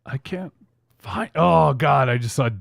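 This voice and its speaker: A man's voice: fairly high pitch, unhurried, vocal fry, no echo, clean studio sound. A man hosting a casual podcast, reading fan tweets aloud in a loose, rambling way. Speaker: podcast host.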